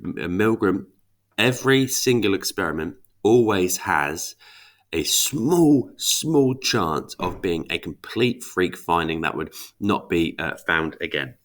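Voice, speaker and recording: Deep-voiced sniffly man teaching statistics. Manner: chatty, emphatic rhetorical questions. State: sniffly from a cold. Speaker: psychology teacher. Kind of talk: lecture over slides.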